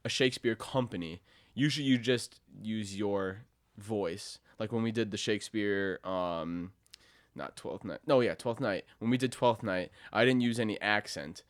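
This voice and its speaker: A man's voice: lowish voice, normal speed, no room sound, clean studio sound. A young man hosting a podcast in casual chat, rambling and laid-back with lots of fillers. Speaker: podcast host.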